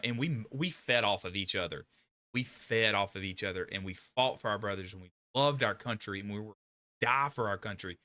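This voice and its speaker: Older male stream host, rambling and emphatic, tense bright delivery, dry close sound. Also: on the low side, normal speed, dry recording. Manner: rambling, emphatic, with frequent restarts and laughs. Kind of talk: casual live stream chat.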